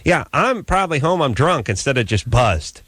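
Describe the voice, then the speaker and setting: A man's voice: medium pitch, very animated, moderate pace, fairly bright tone, slightly rough. A man hosting a radio call-in show, joking and wisecracking in casual banter. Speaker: radio host.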